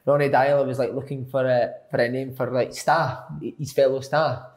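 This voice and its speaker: Male host, casual podcast, ribbing questions, medium pitch. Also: flat delivery, normal speed, a little mellow, echoey room. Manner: teasing, jokey questions.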